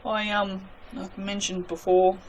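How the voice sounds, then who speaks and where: Woman making soap on camera, unhurried and chatty, self-mocking asides, steady noise behind her. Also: medium pitch. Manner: chatty, self-mocking, talks to herself as she works. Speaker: soap maker. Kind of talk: casual chat while making soap.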